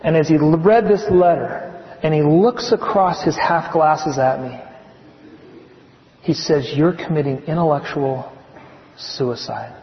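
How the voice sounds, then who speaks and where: Earnest man testifying in an echoey hall. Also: a little high. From California. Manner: earnest, confiding, slows and softens on heartfelt points. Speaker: chemistry professor giving a testimony. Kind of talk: personal testimony talk. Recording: echoey hall, muffled sound.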